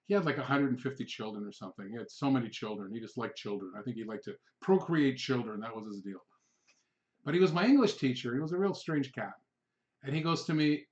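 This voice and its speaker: A middle-aged man giving a sales training talk, telling stories with animated delivery and acting out his past outbursts. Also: mid-range voice, dull audio. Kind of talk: training video monologue.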